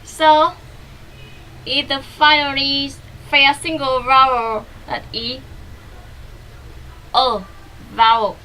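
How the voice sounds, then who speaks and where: A woman teaching English pronunciation, not a native English speaker, slowly repeating vowel drills and explaining mouth and tongue positions. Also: high voice, flat delivery, pushed and bright, low-quality recording. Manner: slow and deliberate, drawing out repeated vowel drills.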